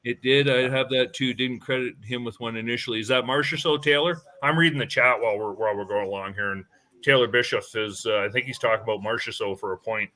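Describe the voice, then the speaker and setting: A man's voice: mid-range voice, fast talker. A man hosting a live sports betting stream, chatting casually with energy and reading viewer comments aloud. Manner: energetic, reads chat aloud, fillers like "right?". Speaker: betting show host.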